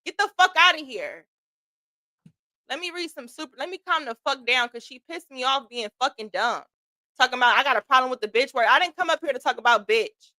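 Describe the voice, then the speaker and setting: A woman hosts a livestream and argues bluntly, swearing freely as she rants. Her voice sits high and sounds bright and edgy. The sound is dry and close, with no room around it. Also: fairly quick, no room sound. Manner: blunt, profane, argumentative. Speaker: host. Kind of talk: heated livestream rant.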